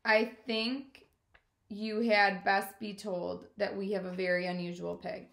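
A woman's voice: mid-range voice, flat delivery, a little slow, creaky, fairly bright tone. A woman reading aloud as a farmer, solemn and insistent, in a roomy-sounding recording. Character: flustered farmer Mr. Zuckerman, middle-aged man. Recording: roomy echo.

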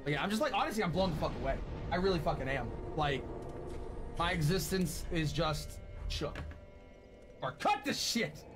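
Streamer, male, late 20s: high, bouncy voice, swears a lot, game music under it. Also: moderate pace. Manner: excitable and profane, swinging between loud outbursts and soft thanks. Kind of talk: casual live-stream chat while gaming.

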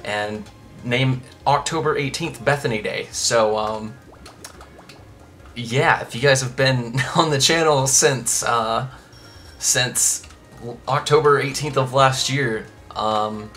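A young man talks his way through a video game in a bright, forceful voice, rambling from one aside to the next and often restarting his sentences. His pitch sits in a middle range for a man. Faint game music plays behind him. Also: slow pace. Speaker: Let's Play host. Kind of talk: casual gameplay commentary.

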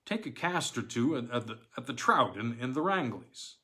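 A man reading an older armourer who speaks in a gentle, measured, concerned way. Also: medium pitch, sing-song.

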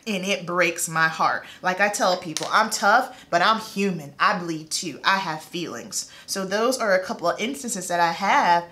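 A woman's voice: fairly low pitch, normal speed, hardly any pauses, bright, forceful tone. Earnest woman telling her story. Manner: earnest, emphatic, heartfelt. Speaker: hairstylist. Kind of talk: casual vlog chat.

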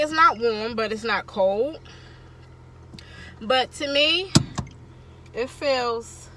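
A young woman, chatting casually to viewers in a vlog while sick and short of breath. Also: a little high. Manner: chatty, addresses viewers as y'all. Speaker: vlogger. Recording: loud road noise in a car.

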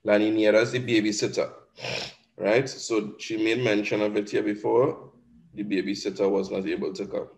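A man with a Caribbean accent leads an exam revision class, walking students through mistakes in a sample letter. His voice sits a little low, and he explains in a patient, steady way, checking in with the class as he goes. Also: normal speed, gravelly. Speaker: Spanish teacher.

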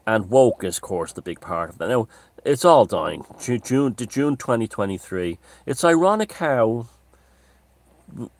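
A man with a deep, low-pitched voice talks straight to his audience in a loose, unscripted monologue. He is opinionated and discursive, circling back to restate his points. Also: no echo. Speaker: author and commentator hosting his own channel.

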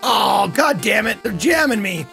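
A man streaming a game, giving casual commentary with quick, profane asides. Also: high-pitched, sing-song, creaky, pushed and bright, soft background music. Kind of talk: casual let's-play commentary.

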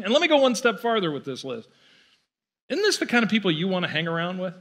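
Bright, high-voiced male pastor preaching. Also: lively intonation, rapid-fire. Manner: conversational, playful, acts out quoted voices. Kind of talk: sermon. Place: church auditorium.

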